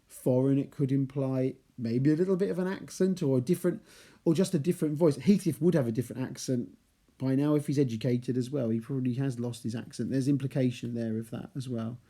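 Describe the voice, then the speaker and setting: This male literature teacher has a mellow, medium-pitched voice and talks a little fast. His lesson analyzes a chapter in a chatty way, mixing read passages with playful asides as he explains them.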